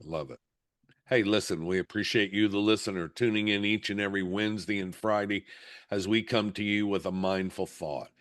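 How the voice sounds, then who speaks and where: A man's voice: lowish voice, moderate pace. A middle-aged man co-hosting a podcast, chatting casually and acting out the people he quotes. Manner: animated storyteller, acts out the quotes. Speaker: podcast co-host. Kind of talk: casual chat.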